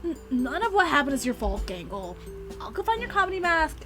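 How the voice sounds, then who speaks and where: A woman voicing a calm, protective young student in a game reading. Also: high voice, fairly quick, music in the background. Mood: reassuring. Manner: calm, firm.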